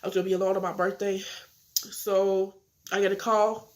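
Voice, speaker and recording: A woman's voice: medium pitch, flat delivery, normal speed, slight background noise. Earnest eighteen-year-old woman vlogging. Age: young adult. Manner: candid and earnest, upset but holding back tears; talks directly to viewers, acts out phone calls. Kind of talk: casual confessional vlog.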